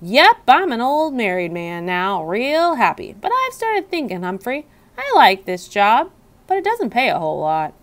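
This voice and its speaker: A woman's voice: a little high, huge pitch swings, unhurried, pitched above the performer's own voice. A woman voicing a kind, cheerful male school custodian who talks in an easygoing, friendly way.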